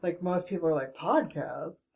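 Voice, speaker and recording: A woman's voice: fairly low pitch, expressive, a little fast, crowd noise. A woman hosting a podcast, joking and telling stories in a casual chat on a portable recorder. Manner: jokey storyteller, does silly voices. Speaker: podcast host.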